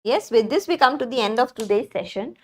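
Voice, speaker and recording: A woman teaching English grammar in a live exam analysis, explaining slowly and often restarting with fillers. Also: fairly high pitch, expressive, a little mellow. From India.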